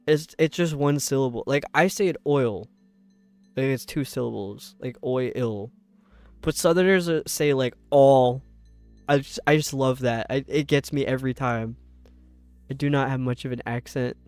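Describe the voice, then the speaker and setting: A man's voice: medium pitch, clear, resonant tone, no echo. A young man from upstate New York with a light New York accent, a game streamer chatting casually and rambling with viewers. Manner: rambling, chatty, quick laughs. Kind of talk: casual chat with viewers while gaming.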